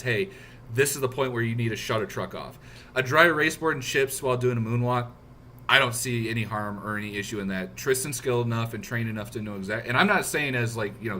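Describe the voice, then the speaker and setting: A man co-hosts a chat show and argues his points with emphasis. His voice is bright and forceful, and faint noise sits under the recording. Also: mid-range voice. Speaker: show co-host. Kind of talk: casual chat.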